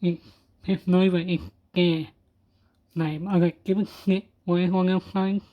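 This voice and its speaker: A man's voice: high voice, little pitch movement, measured pace, highs cut off. A man from Australia with an Australian accent, giving casual reaction commentary in a laid-back, blunt way. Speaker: reaction video host.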